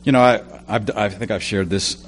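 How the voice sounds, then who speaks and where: A man's voice: fairly low pitch, steady tone, moderate pace, a little hiss or hum. A man preaching a sermon in a conversational way, full of asides and personal stories.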